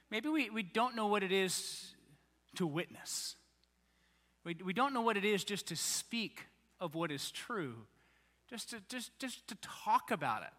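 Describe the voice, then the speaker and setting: Bright-voiced preacher in a reverberant hall. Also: male voice, high-pitched. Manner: conversational preaching, animated mock quotes. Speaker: pastor. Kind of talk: sermon.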